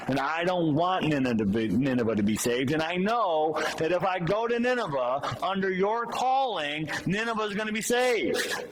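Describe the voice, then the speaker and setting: A man's voice: on the high side, expressive, moderate pace, a little hiss or hum, natural voice, low-quality recording. A man voicing a sulky prophet who stubbornly refuses a divine call, petulant and complaining, in a sermon retelling. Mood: stubborn refusal.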